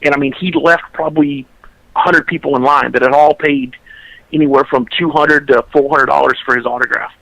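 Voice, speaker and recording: A man's voice: medium pitch, steady tone, brisk, vocal fry, a bit bright, no echo, rough recording. A man, a podcast co-host telling a long story in casual chat, rambling and restarting his sentences.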